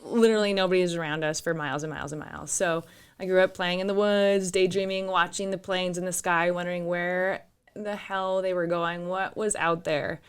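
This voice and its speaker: Minnesota lady in her 30s, kinda low smooth voice, chatty guest laughing thru her story. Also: steady tone, fairly quick. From northern Minnesota. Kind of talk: casual interview chat. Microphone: studio microphone.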